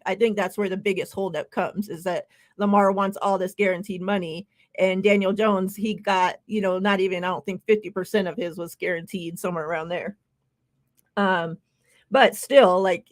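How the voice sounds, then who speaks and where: A woman co-hosting a sports podcast over an online call, greeting the live chat by name in a friendly way and talking casually. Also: mid-range voice. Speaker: podcast co-host.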